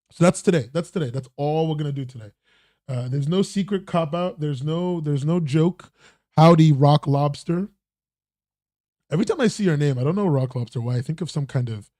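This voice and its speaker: Rambling low-key male podcast host. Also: fairly quick, warm tone, dry recording, studio quality. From not American. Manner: rambling, self-interrupting, swears casually. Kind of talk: casual livestream news roundup.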